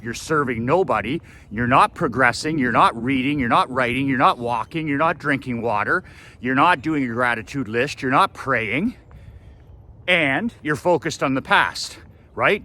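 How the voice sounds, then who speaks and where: A man's voice: mid-range voice, bright, forceful tone. A man giving a blunt, profane motivational rant as a business coach, hammering his points with repetition.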